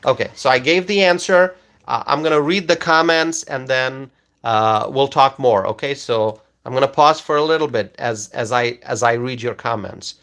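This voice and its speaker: A man's voice: medium pitch, normal speed, a bit bright. A man hosting a political livestream, talking insistently with many fillers and repeated phrases, then reading chat comments aloud.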